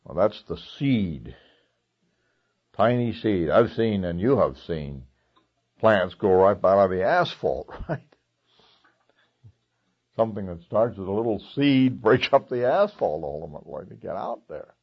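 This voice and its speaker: Low-voiced man preaching, lo-fi recording. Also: big pitch swings, measured pace, pauses often, husky. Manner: conversational, with chuckles and filler words. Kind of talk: sermon. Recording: dull lo-fi recording.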